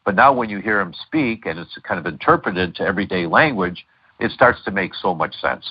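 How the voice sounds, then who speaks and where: A middle-aged man talks as an interview guest, his very low voice carrying a husky edge. He wanders through stories with frequent fillers and false starts. The sound is dull and lo-fi, like a call recording. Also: lively intonation, brisk. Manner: storytelling, many fillers and restarts. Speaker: guest doctor and lecturer.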